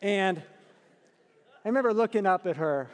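A middle-aged man preaching a sermon and telling personal stories, earnest, dropping to soft hushed passages and lifting to emphatic ones. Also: high-pitched, expressive, takes it slowly. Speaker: pastor. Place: church sanctuary. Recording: long reverb of a church hall.

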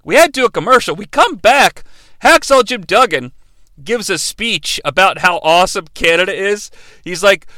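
A man hosts a casual solo podcast with animated, sardonic chatter. His fairly high voice swings widely and has a bright, edged tone. The sound is close-miked and dry. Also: normal speed, no echo. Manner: animated and sardonic, slipping into impressions. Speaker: podcast host.

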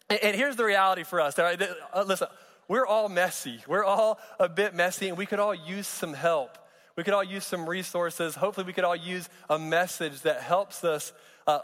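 A man's voice: fairly high pitch, a bit bright. Male pastor, chatty preaching with jokes, echoing church hall. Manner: conversational, joking asides, frequent restarts. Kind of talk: sermon. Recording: long reverb of a large hall.

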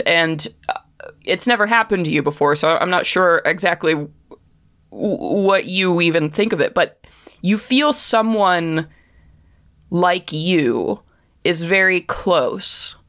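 A woman's voice: on the low side, expressive, slow pace, fairly bright tone. A woman narrating a tabletop game as game master, chatty and hesitant, with many fillers.

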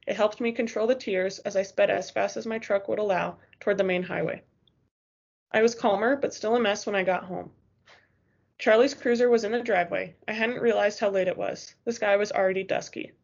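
A woman's voice: medium pitch, fairly even intonation, brisk, creaky, muffled recording. A woman narrating a first-person novel as an audiobook, in a tense, urgent storytelling manner.

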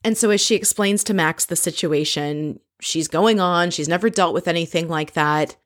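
A woman recaps a reality TV episode in a loose, chatty way, with a dry and sarcastic edge. Her voice sits slightly lower than most women's. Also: moderate pace.

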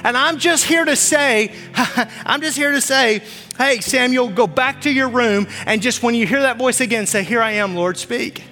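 Pastor, man in his 40s, very high bright voice, fervent repetitive preaching, reverberant church, faint music under. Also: moderate pace. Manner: impassioned preaching, repeats phrases. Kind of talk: sermon. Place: church stage.

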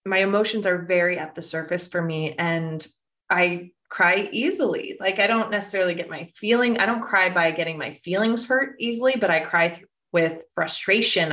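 A woman's voice: on the low side, fairly bright tone. A middle-aged woman talking candidly and from the heart in a personal monologue, her voice thick as she holds back tears, with many "like"s and "right?"s. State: fighting back tears, emotional voice.

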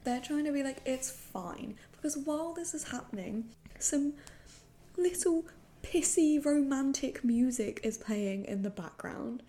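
A woman's voice: high voice, animated, a little slow, mellow, a little hiss or hum. A woman co-hosting a podcast in casual chat, ranting and exaggerating with plenty of swearing. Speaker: podcast co-host.

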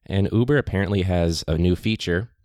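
A man's voice: sits low, fairly quick, a little mellow, no echo, clean studio sound. A man, a teacher, hosting his podcast in a casual, rambling monologue full of fillers. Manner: chatty, rambling, many fillers.

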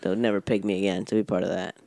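A man's voice: low voice, level tone, fast talker, vocal fry, warm tone, no room sound, studio quality. Laid-back, profane young male podcast host. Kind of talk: casual podcast banter.

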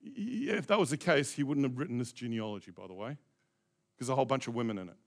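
A man's voice: mid-range voice, expressive, fast talker, creaky. A middle-aged male pastor preaching a reflective, conversational sermon, asking his congregation direct questions.

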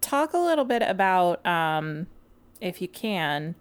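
A woman hosting an interview, asking gentle, measured questions. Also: lowish voice, big pitch swings, a little hiss or hum. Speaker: interview host. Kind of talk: casual interview.

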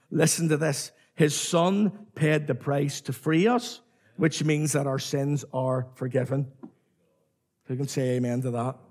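Husky-voiced preacher man, emphatic. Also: fairly high pitch, a little mellow. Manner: emphatic, repetitive, calls on the congregation to respond. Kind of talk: sermon.

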